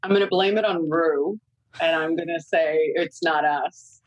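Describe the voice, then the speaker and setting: Mom chatting on a podcast, blunt and sweary, lots of "like", dry close sound. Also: female voice, deep voice, fairly even intonation, measured pace, no echo, poor audio. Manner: candid and chatty, swears freely, many "like" fillers. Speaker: guest, a mother of young kids. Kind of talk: casual podcast chat.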